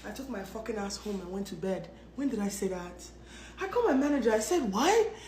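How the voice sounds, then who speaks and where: A woman's voice: medium pitch, sing-song, brisk, darkish tone, reverberant, a little hiss or hum. A woman telling a story in a casual vlog, dramatic and blunt, with plenty of swearing. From United States. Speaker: storytelling vlogger.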